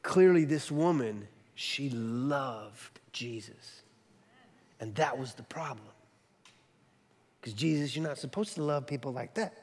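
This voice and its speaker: A man preaching a sermon as pastor, telling a story in an animated way with quick swings from loud to soft. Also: medium pitch, long reverb tail.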